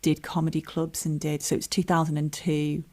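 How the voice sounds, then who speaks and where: A woman's voice: low voice, little pitch movement, brisk, mellow. Chatty woman, self-deprecating. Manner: chatty, self-deprecating, laughs while telling stories. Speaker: comedian and writer, guest. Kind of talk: relaxed interview chat.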